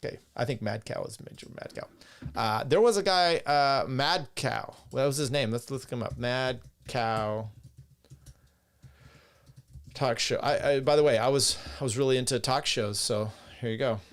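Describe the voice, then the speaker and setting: A man's voice: mid-range voice, normal speed, clear, resonant tone. A middle-aged man hosting a podcast, rambling casually with profane, chuckling asides as he reads viewer comments. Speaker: podcast host. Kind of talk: casual live-stream talk, reading chat.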